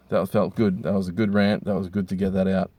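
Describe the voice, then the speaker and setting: A hungover man, rambling crudely and with deadpan humor while reviewing hats from inside a car. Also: sits low, no room sound. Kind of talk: casual rambling monologue.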